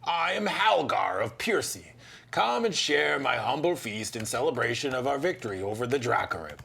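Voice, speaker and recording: A man reading out the part of a jovial, weather-beaten older man, booming and hearty, in a tabletop gamebook session. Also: big pitch swings, normal speed, vocal fry, fairly bright tone, slightly rough, exaggerated voice. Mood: welcoming.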